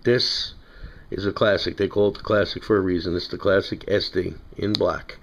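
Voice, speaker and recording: Rambling New York man, low voice. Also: fairly even intonation, moderate pace, creaky, a little hiss or hum. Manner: rambling, chatty, self-correcting. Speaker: knife collector reviewing knives. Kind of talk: casual product review.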